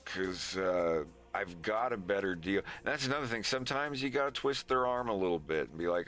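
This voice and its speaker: A man's voice: fairly low pitch, lively intonation, normal speed, hardly any pauses, bright, forceful tone, faint music behind. A man streaming, chatting casually and loosely, with profanity, as he gives advice. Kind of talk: casual rambling stream chat.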